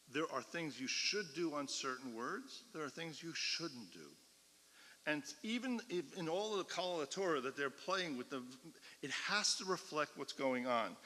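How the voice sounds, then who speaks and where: A man's voice: a little high, pushed and bright. A man, a cantor, teaching a class in an explanatory lecture style, often checking in with his listeners. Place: synagogue classroom or hall. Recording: long reverb of a hall.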